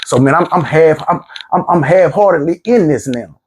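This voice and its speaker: Speaking at a moderate pace in a voice on the high side with lively intonation, a middle-aged man who was once in prison candidly narrates his past. There's a little hiss or hum, and his plain, street-casual storytelling circles back on itself often.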